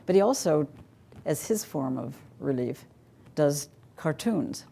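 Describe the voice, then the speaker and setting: Older woman, conference lecture, low pitch, gravelly husky voice, dry wry humor. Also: expressive, takes it slowly, dark tone, slight background noise. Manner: wry, dry humor, reading cartoons aloud. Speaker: conference speaker. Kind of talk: lecture to an audience.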